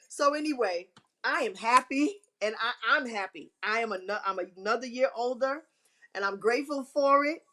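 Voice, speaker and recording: Middle-aged woman on a live stream, bright voice, emphatic and churchy, repeats herself a lot. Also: a little high, moderate pace. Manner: emphatic, repetitive, churchy encouragement. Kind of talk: inspirational live-stream talk.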